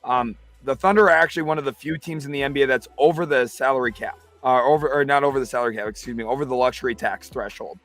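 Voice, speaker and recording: Excitable man hosting a sports livestream. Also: medium pitch, quick pace, few pauses, soft background music. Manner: excitable, reads chat comments aloud. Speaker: livestream host. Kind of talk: live sports talk.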